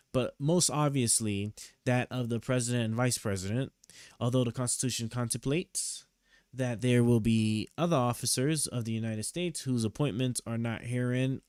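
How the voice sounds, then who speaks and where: A man streaming live, reading a court opinion aloud and stopping often to puzzle over it, with halting, restarting speech. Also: medium pitch, clear, resonant tone, no room sound, clean studio sound. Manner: reads legal text aloud, stops to check words. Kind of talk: casual live stream commentary. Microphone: headset or desk mic.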